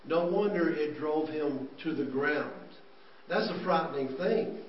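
A man's voice: on the high side, a little slow, a little hiss or hum. A man preaching an earnest sermon, explaining scripture as he reads it. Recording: echoey room, distant mic, dull sound.

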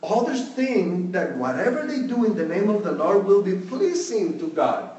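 A pastor delivers a sermon in a slow, measured way, often leaning on "you know." His voice sits a bit high for a man. He is heard from some distance in an echoey room. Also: big pitch swings, a little mellow, muffled recording. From Mexico.

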